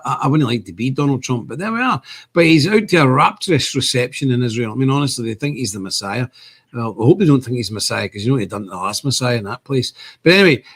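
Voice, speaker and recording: A man's voice: mid-range voice, husky. An older man hosting a casual political commentary stream, rambling and emphatic, reading viewer comments aloud. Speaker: show host.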